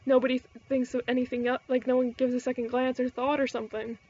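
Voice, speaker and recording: High-voiced woman ranting on a vlog. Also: level tone, quick pace, darkish tone, muffled recording. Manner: rambling and indignant, swears freely, many restarts. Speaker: vlogger.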